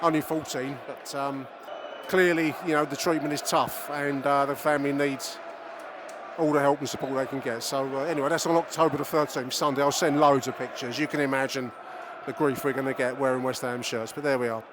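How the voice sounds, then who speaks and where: A man's voice: mid-range voice, fairly even intonation, brisk. A middle-aged man, a podcast host recording casual, opinionated match commentary from the stands, swearing and talking straight to his listeners. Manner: chatty, opinionated, swears, addresses listeners directly. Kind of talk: casual in-stadium football commentary. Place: football stadium stands, outdoors. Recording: noisy crowd stadium recording.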